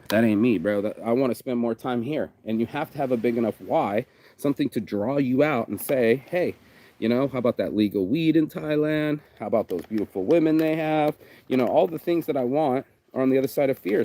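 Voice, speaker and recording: A man's voice: medium pitch, a little mellow, a little hiss or hum, rough recording. A man hosting his own vlog, chatting casually and rambling outdoors by a beach, full of "bro" and "you know". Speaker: vlog host.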